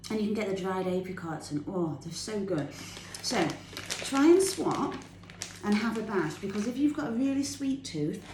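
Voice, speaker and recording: A woman's voice: mid-range voice, noisy background. A woman giving bubbly, casual healthy-eating tips to her viewers from her kitchen at home. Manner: enthusiastic, bubbly, laughs while talking. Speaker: fitness tip vlogger. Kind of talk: casual chatty tips to camera. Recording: echoey room with faint ambience.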